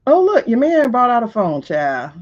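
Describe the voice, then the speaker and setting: A woman hosting a live stream, reacting out loud in a casual, exasperated way, with her pitch rising and falling a lot. Her voice sits a bit high. The stream audio is dull and lo-fi. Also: normal speed. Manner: animated, exasperated, talks back to the footage. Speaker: host of a live tarot stream.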